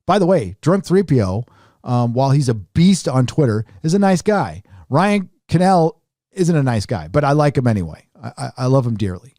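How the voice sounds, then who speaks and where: A man's voice: mid-range voice, sing-song, moderate pace, dark tone, dry recording. Middle aged guy hosting his show, sarcastic and mocking, voice bounces up and down a lot, dry close sound. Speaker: host. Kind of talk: casual commentary.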